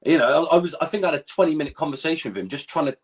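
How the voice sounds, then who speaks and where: A man chatting on an online stream, animated and full of swearing, often mimicking other people as he talks. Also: fairly high pitch, rapid-fire. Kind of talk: casual online stream chat.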